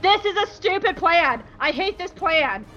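A woman's voice: fairly high pitch, lively intonation, measured pace, pushed and bright, highs cut off, soft background music. Woman doing a grumpy, blunt warrior monk. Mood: annoyed.

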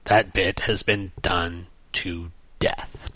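A man's voice: lowish voice, moderate pace, bright, forceful tone, soft background music, rough recording. A man hosting a comic book review podcast, with wry, joking asides. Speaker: podcast host.

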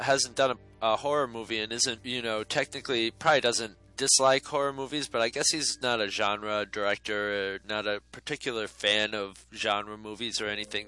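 Guy ranting about movies, snarky and blunt, bright forceful voice, bit of music in the back. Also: medium pitch, poor audio. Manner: opinionated and sarcastic, with blunt profanity. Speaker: movie reviewer. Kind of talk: casual film review monologue.

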